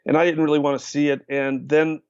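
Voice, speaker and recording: A man's voice: a little high, fairly quick, smooth, dry recording. An older man telling stories as a podcast guest, acting out quotes with lots of uh fillers. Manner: lively storyteller, acts out quotes, many uh fillers. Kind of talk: storytelling in a podcast interview. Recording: dull lo-fi sound.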